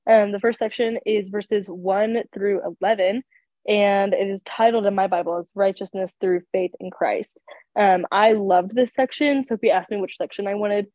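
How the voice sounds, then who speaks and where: Here a young woman on a laid-back faith podcast talks at a moderate pace in a steady, medium-pitched voice. Congested and clearly unwell, she wanders through her points with many fillers, captured dry through a thin, phone-like sound.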